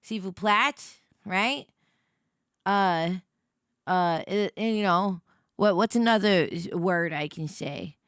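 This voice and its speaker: A woman's voice: medium pitch, takes it slowly, fairly bright tone, smooth, no echo, clean studio sound. A woman livestreamer chatting casually with her viewers, playful and rambling, often stammering and repeating herself. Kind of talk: casual stream chat.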